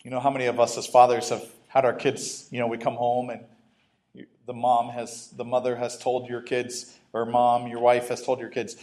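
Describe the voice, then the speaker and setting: A man's voice: mid-range voice, level tone, moderate pace, darkish tone. A man preaching a sermon as a pastor, conversational, breaking off into humorous asides and restarts.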